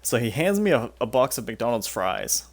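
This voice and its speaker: A man's voice: mid-range voice, sing-song, moderate pace. A young man streaming a game, telling stories in a rambling, profane way and laughing often. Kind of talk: casual storytelling while playing a game.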